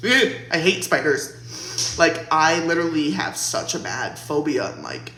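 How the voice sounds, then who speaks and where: A woman's voice: low-pitched, sing-song, moderate pace, sharp tone, a little hiss or hum. A young woman vlogger casually telling a storytime, chatty and laughing, with lots of "like". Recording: roomy echo.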